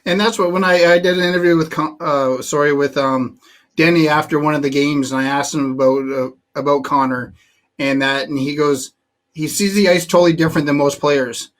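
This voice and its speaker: A man's voice: on the high side, steady tone. A man in his fifties hosting a sports talk show, chatting casually, stopping and restarting and cracking jokes. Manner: halting, restarts, joking.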